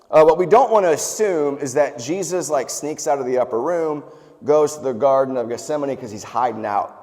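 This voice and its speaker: A man's voice: medium pitch, big-room sound. A man preaching a sermon as pastor, talking casually and animatedly with asides and personal stories. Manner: conversational, animated storytelling with asides. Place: church hall.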